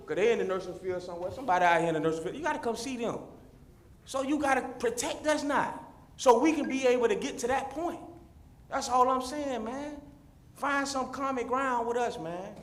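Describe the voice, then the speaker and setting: Fervent high-voiced man. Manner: fervent, repetitive, addresses officials directly. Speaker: public commenter. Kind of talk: impassioned public comment. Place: city meeting chamber. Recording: roomy echoey chamber.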